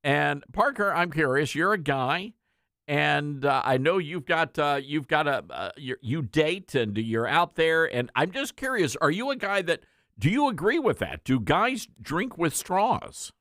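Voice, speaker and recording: A man's voice: on the high side, big pitch swings, a little slow, a bit bright, dry recording, studio quality. A man hosting a radio talk show, chatting in a rambling way with frequent fillers.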